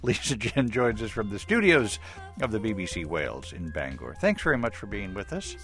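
A man's voice: lowish voice, sing-song, a bit bright, faint music behind. A man hosting a radio interview, easygoing and curious in how he asks questions. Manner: easygoing and curious, quick to laugh. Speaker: radio host.

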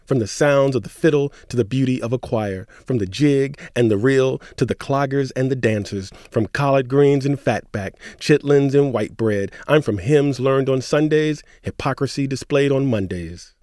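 Guy cohosting radio, earnest measured poem reading, mid voice, dry sound. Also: mid-range voice, darkish tone, no room sound. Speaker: radio co-host. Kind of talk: radio chat and poetry reading.

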